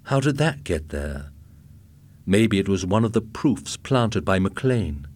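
Male narrator, audiobook reading, slow clear delivery, lowish voice, lively intonation. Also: dry recording.

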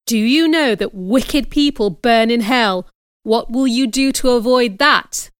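A severe, pious schoolmaster lectures solemnly in a storybook reading, as a woman voices him. His delivery is slow and measured. The voice comes through smooth and clear. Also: on the high side, no echo, studio quality, lightly acted. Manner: solemn, moralizing. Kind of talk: audiobook reading.

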